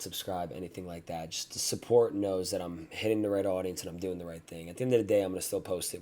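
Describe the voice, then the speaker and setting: A man hosting a casual vlog, chatting easily with many ums while riding home in a car. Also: low-pitched. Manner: relaxed, easygoing, many filler ums. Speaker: vlog host and ultrarunner. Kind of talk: casual vlog talk and recap.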